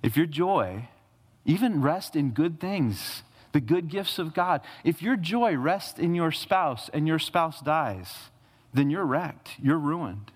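A man's voice: fairly high pitch, expressive, takes it slowly, slightly rough. A male pastor preaching a sermon, asking rhetorical questions and repeating phrases for emphasis. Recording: reverberant hall.

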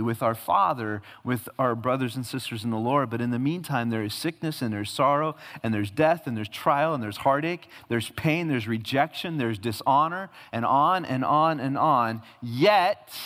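A man preaching a sermon as a pastor, swinging from loud, high emphatic peaks down to low, hushed lines, with casual asides that act out quoted voices. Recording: reverberant hall.

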